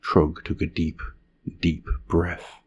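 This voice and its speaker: A man reading a fantasy story in a measured, dramatic narration style. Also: low voice, completely flat delivery, slightly rough.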